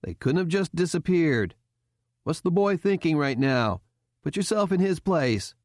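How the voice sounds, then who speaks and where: A man doing a calm, firm cadet leader. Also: a little high, measured pace, dry recording, clean studio sound, voice pushed up. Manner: steady, commanding, reassuring.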